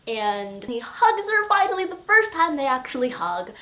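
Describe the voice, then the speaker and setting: A young adult woman chatting excitedly about a book in a casual vlog, full of filler words. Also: high voice, moderate pace. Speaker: book reviewer.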